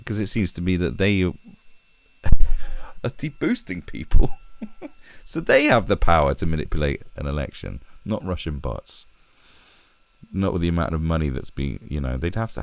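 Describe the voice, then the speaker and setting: A man's voice: deep voice, creaky, dry recording. A man delivering a sweary, sarcastic ranting commentary, with mocking put-on voices. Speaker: commentary vlogger.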